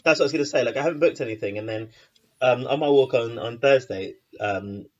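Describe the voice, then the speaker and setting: A man's voice: mid-range voice, fast, muffled recording, a crowd in the background. A man, a podcast co-host chatting casually and animatedly. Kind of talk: casual chat.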